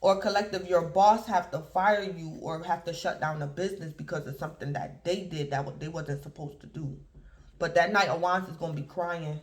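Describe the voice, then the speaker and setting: A man's voice: fairly high pitch, fairly even intonation, a little fast. A man giving a casual, rambling tarot reading to his viewers, addressing them again and again as "collective". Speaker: tarot reader. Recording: roomy echo.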